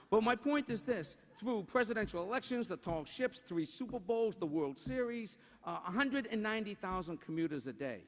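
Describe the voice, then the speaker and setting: A man's voice: high voice, animated, normal speed. A man doing a roast comedy routine in a large banquet hall, joking and tossing rhetorical asides to the crowd. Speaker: roast speaker. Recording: long hall reverb.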